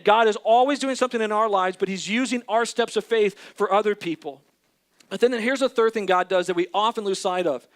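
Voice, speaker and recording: High-voiced earnest male pastor preaching. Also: fairly bright tone. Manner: earnest, acts out imagined dialogue. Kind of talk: sermon. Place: church.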